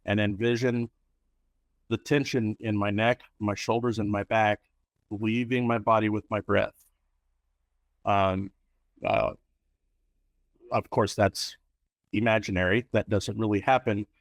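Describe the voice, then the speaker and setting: A man's voice: lowish voice, fairly even intonation, a little slow, long pauses, no room sound. A man hosting an interview, talking in a rambling way with lots of restarts and anecdotes. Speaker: host. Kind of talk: interview talk.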